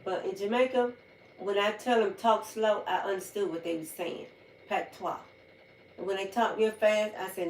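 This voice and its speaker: Hosting a casual livestream, an American woman talks at a normal speed with a medium pitch, chatty and repeating herself for emphasis. Her distance from the mic gives a roomy sound, with slight background noise and faint ambience.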